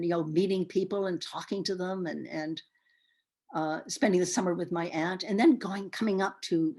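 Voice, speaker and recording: Animated older woman with a husky voice. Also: fairly low pitch. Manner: animated and expressive, often hesitant with fillers. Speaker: oral history interviewee. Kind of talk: oral history reminiscence.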